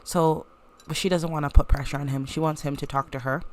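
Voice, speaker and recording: A woman's voice: deep voice, steady tone, fairly quick, darkish tone. A woman narrating a life-sim let's-play in a casual, chatty way. She giggles often and talks straight to her viewers. Her tone is playful.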